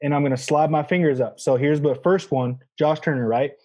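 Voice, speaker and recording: A man guest on a podcast, calmly explaining a hands-on technique and demonstrating sounds. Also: on the high side, brisk. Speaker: guest, goose calling champion. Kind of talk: casual interview answers.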